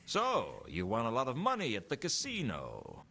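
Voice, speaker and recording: A man's voice: medium pitch, huge pitch swings, normal speed, gravelly, bright, forceful tone, breathy edge, heavily acted. An actor playing a weary, sardonic male detective in a noir video game, speaking dryly. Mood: probing. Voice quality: dry, sardonic delivery. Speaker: game character.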